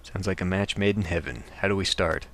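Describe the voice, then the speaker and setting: A man's voice: low-pitched, a little fast, fairly bright tone. A man reading as a blunt mercenary. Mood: curt. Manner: curt, plain replies.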